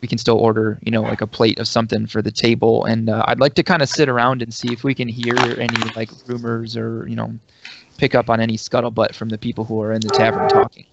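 A man's voice: medium pitch, level tone, fast, gravelly, very noisy. A man playing a tabletop game, talking in a stammering way with repeated words. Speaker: player. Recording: dry, dull lo-fi audio.

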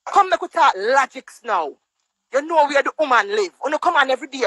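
A woman's voice: expressive, a little fast, a bit bright, no room sound, rough recording. A woman with a Jamaican accent ranting angrily on a social media live stream over a phone, scolding and mocking in patois. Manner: angry, scolding, mocking quotes in higher voice. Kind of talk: heated live-stream rant.

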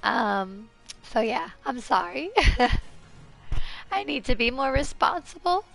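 A woman game streamer chatting casually with her viewers, her voice congested and hoarse from a sinus infection, bubbly and giggly as she greets everyone. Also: fairly high pitch, very animated, takes it slowly, a bit bright. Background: faint game music.

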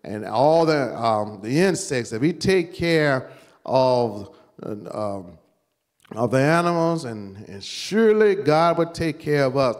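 A man who is a pastor, leading a Bible study in a halting way, repeating words and filling pauses, and growing louder and higher as he gets stirred up. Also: very animated. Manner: rises in pitch and volume when stirred. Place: church.

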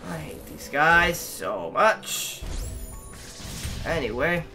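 An exasperated gamer narrates a platform game, swearing constantly and breaking into yells at each failure. The voice is bright and lively in pitch, swinging widely, while the talk itself comes at an unhurried pace. Faint game music plays underneath. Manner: exasperated, swearing often, outbursts of yelling. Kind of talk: let's play commentary.

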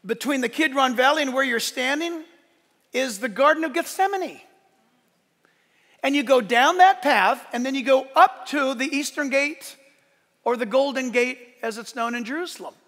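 A man preaching a lively sermon in a church with a very high, bright and forceful voice. He jokes and acts out the quotes he reads. His words ring with a long hall reverb. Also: normal speed. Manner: animated, joking, acts out quotes. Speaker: pastor. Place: church sanctuary.

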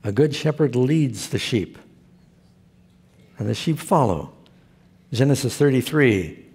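A man's voice: mid-range voice, expressive, takes it slowly, a little mellow, slightly rough. A male pastor who preaches a sermon in a folksy, storytelling way.

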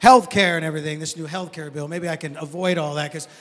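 A man doing a stand-up routine on a comedy stage, animated and slipping into characters. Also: on the high side, fast. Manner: animated, acting out characters in put-on voices. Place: comedy stage before a laughing audience. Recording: roomy hall with crowd noise.

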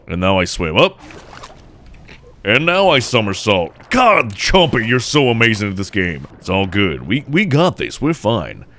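A young man giving jokey, excitable let's play commentary as he plays, cheering on his fish and breaking into shouts. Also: fairly low pitch, measured pace, a little hiss or hum. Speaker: gameplay commentator.

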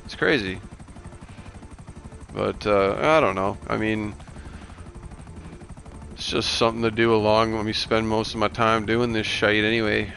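A man's voice: lowish voice, fairly even intonation, measured pace, creaky, pauses often, fairly bright tone, slight background noise. A man hosting a gaming stream, chatting casually with many restarts and casual swearing. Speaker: gaming channel host.

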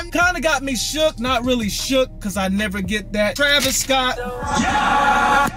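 A young man reviewing fast food in a casual vlog, animated and profane, jumping from loud outbursts to low muttering, talking from a parked car. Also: loud music behind the voice, over a noisy crowd.

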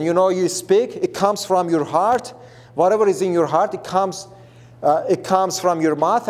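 A man's voice: high voice, a little mellow. A man preaching a Bible lesson in an earnest, emphatic way, repeating himself and restarting phrases as he explains. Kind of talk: Bible teaching.

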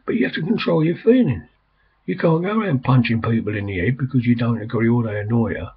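A man's voice: medium pitch, animated, quick pace, breathy edge. An older man rambling in casual talk, full of ums and restarts. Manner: meandering, many ums and restarts. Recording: slightly dull, lo-fi recording.

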